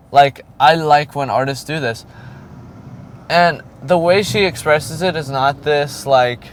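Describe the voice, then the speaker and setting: A man's voice: mid-range voice, poor audio. A young man casually reviewing an album, rambling, with many ums and likes, outdoors near a street. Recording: clear street and traffic noise.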